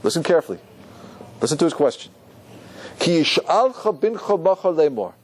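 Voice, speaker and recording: A man's voice: fairly high pitch, very animated, fairly quick. A man teaching a Torah class as a rabbi, quizzing his students and quoting Hebrew verses.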